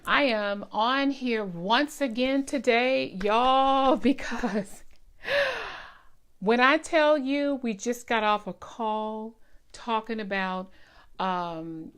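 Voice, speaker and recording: An excited middle-aged woman, hosting a casual live stream and talking straight to her viewers. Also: mid-range voice. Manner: excited, talks directly to viewers, Southern-style "y'all". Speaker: wellness live-stream host.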